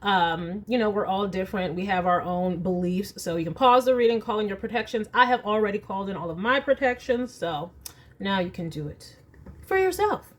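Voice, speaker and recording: A woman's voice: mid-range voice, animated, brisk. A woman reading tarot cards at home in a casual, chatty way, thinking aloud as she draws each card. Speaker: tarot reader.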